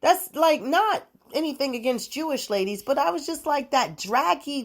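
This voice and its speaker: A woman's voice: sits high, lively intonation, normal speed. A young adult woman hosting her own podcast, chatting casually in a rambling, profane way with frequent laughs. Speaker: podcast host. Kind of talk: casual solo podcast chat.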